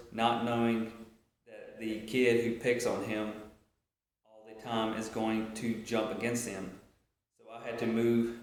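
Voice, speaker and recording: Guy retelling a speech story, slow and kinda halting, lots of echo, webcam sound. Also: fairly low pitch. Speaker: speaker reciting a speech. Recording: very echoey room.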